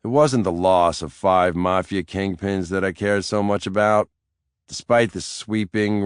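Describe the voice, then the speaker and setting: A man with a very deep voice narrates a crime thriller in first person, brooding and sardonic. The read is close and dry, with no room sound. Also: darkish tone, clean tone, no echo. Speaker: audiobook narrator.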